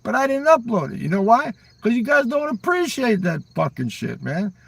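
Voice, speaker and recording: Older male streamer, husky and gravelly, rambling and profane, a little off-mic. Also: very high voice, sing-song, normal speed, recorded from a distance. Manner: profane, rambling, ends lines with "man"; talks back to chat viewers. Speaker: live streamer. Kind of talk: rambling live-stream chat.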